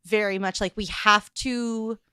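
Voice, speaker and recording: A woman's voice: mid-range voice, fairly even intonation, unhurried, sharp tone, clear, resonant tone, no room sound, studio quality. A woman in her thirties with a Midwestern accent and a slight lisp, co-hosting a podcast in a chatty, theatrical way. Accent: Midwestern American. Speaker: podcast co-host. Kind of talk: casual podcast chat.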